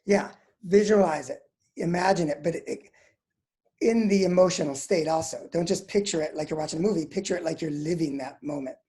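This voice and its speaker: A middle-aged man, a psychologist, giving advice in an interview in a calm, measured way. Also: on the high side.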